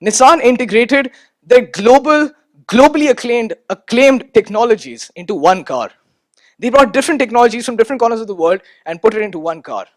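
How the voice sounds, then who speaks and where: A young man in his twenties from India, giving an animated motivational talk on stage with rhetorical questions. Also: very high-pitched, fairly quick. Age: 20s. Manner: animated, rhetorical, repeats words when starting. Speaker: student speaker.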